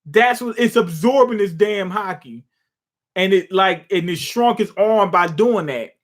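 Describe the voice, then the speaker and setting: A man's voice: high voice, unhurried. A young man casually reacting to a comic chapter live, retelling scenes with swearing, jokes and laughter. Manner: loose, profane, jokey retelling with laughs. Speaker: manga reaction streamer.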